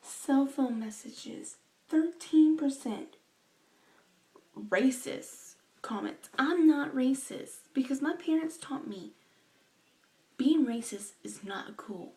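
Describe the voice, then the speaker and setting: A young woman talking earnestly to her camera in a vlog, slow and emotional, halting with sighs and restarts. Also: high-pitched, warm tone, low-quality recording. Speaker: vlogger.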